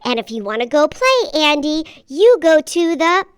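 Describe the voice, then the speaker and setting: A woman's voice: high-pitched, big pitch swings, moderate pace. A woman voicing a cheerful young girl who teaches Spanish words to small children in an encouraging, sing-song way, with children's music behind. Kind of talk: children's bilingual lesson.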